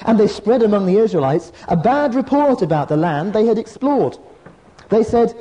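A man preaching a sermon as a pastor, telling a personal story with measured, dramatic pauses and slowed emphasis. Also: high-pitched, very animated, mellow.

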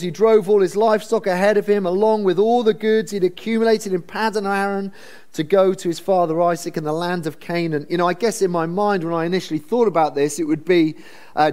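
A man's voice: high-pitched, a little mellow. A man preaching a Bible sermon in a conversational, humorous storytelling manner. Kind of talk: expository sermon.

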